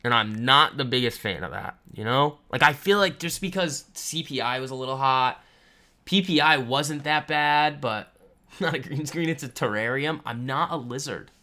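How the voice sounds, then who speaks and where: A man's voice: mid-range voice, normal speed, sharp tone. A man hosting a live trading stream, talking casually and a little boastfully about stocks while answering viewers' comments. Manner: chatty and boastful, lots of fillers. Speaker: trading livestream host. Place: home room.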